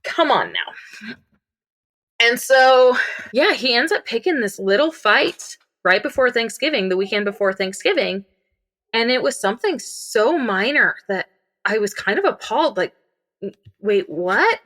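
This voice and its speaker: A woman's voice: a little high, expressive, a little slow, fairly bright tone. A young woman guest on a podcast, candidly recounting a personal story in a casual way with many fillers.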